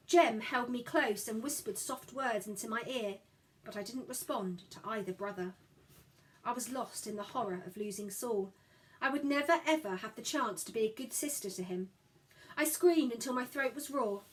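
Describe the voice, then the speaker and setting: A woman narrating a story in the first person, expressive and voicing each character. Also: a little high, poor audio. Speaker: audiobook narrator.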